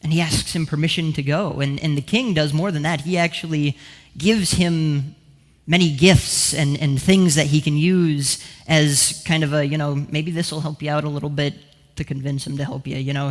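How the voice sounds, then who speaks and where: A man preaching a sermon, telling a story in a casual, animated way with many asides. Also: a little high, moderate pace, long reverb tail. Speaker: pastor.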